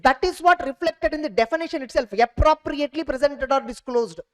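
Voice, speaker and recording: A high-voiced man teaching an audit exam revision class at a brisk clip. He drills each point with repetition and keeps asking students if they are clear.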